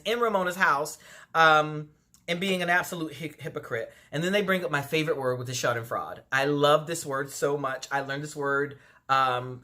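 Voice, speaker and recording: A chatty vlogger gossips through a reality TV recap from home. The talk is full of asides and fillers. The voice sounds bright and tense, at a middling pitch. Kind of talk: casual chatty commentary.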